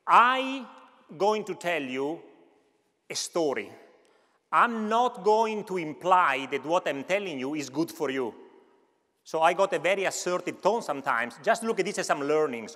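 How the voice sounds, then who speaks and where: A man in his fifties from Italy's Veneto region, speaking with a Veneto Italian accent, gives a chatty alumni keynote at a conference, tossing joking asides to the audience. His voice is high and fairly bright, recorded in the echoey lecture hall of a large university auditorium.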